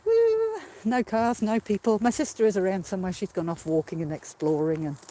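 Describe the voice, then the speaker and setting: An Australian live-stream host walks up a hill by a ruined castle, talking into a handheld phone in a medium-pitched, brisk, mellow voice. The chat is casual and rambling, and the host is out of breath and laughing often.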